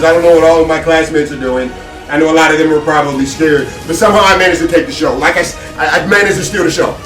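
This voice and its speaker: A young man with a high voice tells a story to his viewers and hypes himself up as he goes. He sounds set back from the mic, in a roomy space with light music underneath. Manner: animated, self-hyping storyteller. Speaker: vlogger. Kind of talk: storytime vlog. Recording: roomy echo, distant mic.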